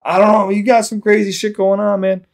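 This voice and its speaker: A young man from Chicago with a Chicago accent, chatting casually on a livestream while high, rambling and swearing often. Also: level tone, fairly quick. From South Side of Chicago. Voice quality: rambling, profane, repeats himself. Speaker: streamer.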